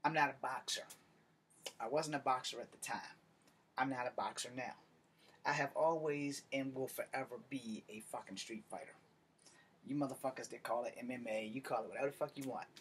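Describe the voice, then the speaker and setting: Brash martial artist, swears constantly, tells it straight, over faint background noise. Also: male voice, medium pitch, a little fast, a bit bright. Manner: profane, blunt and boastful. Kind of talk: casual storytelling monologue.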